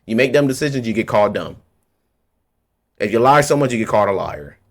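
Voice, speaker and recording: A man's voice: on the low side, lively intonation, fairly quick. A man ranting to camera about politics, heated and confrontational, hammering his points by repeating them in blunt street slang. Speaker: vlogger.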